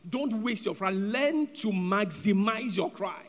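Speaking a little slowly in an animated, high-pitched voice, a preacher delivers a sing-song sermon in a church hall and asks the congregation to repeat his words. Long hall reverb and faint background music fill the recording.

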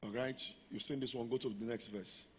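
A man's voice: mid-range voice, steady tone, fairly quick, a bit bright, slightly rough. A man preaching a sermon as pastor, leading the congregation in call-and-response. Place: large church hall. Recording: long hall reverb with music.

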